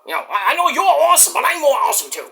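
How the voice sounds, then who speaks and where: A man's voice: extremely high pitch, very animated, rapid-fire, gravelly, bright, forceful tone, pitched above the performer's own voice, full character voice. A man voicing a boastful, goofy male buddy with a put-on Mexican accent, rambling and repeating "you know".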